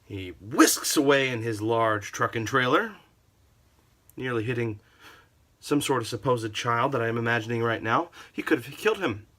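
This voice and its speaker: A man's voice: medium pitch, animated, normal speed, sharp tone. A man telling a comic story about a customer in a sarcastic, theatrical way. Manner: theatrical, sarcastic, wildly varied delivery.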